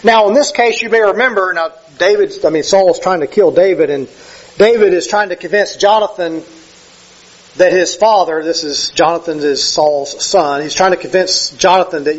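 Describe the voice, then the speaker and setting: Husky high-voiced male preacher. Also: moderate pace, muffled recording. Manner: conversational, self-correcting, acts out quoted speech. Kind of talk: sermon. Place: church sanctuary with slides.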